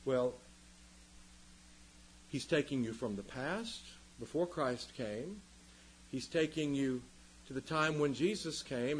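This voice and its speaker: Husky male pastor, lively pitch swings, fiery sermon style. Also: poor audio. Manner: impassioned, swings from loud emphasis to quiet. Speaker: preacher.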